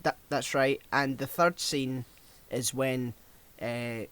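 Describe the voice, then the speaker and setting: A man's voice: medium pitch, steady tone, slow, a bit bright, clear, resonant tone. A man co-hosting a podcast, talking casually and steering the film discussion as he recounts scenes. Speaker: podcast co-host.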